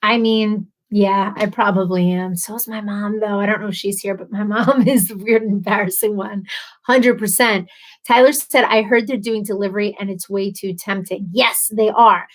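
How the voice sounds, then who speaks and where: A woman's voice: medium pitch, fairly even intonation, moderate pace. A woman in her thirties hosting a casual livestream, chatty and bubbly, laughing often as she reads comments. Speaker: livestream host.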